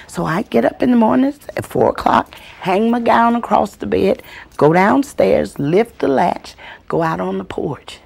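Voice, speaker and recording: Gravelly husky woman telling old family tales, voice swoops way up and down, old vhs tape sound. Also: mid-range voice, unhurried. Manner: animated, calls out voices, drops to whispers. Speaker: storyteller. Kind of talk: family storytelling.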